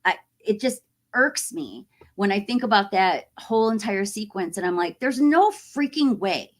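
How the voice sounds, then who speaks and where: Animated woman in casual vlog chat. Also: mid-range voice, normal speed. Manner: animated, acts out quoted voices. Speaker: horror YouTuber.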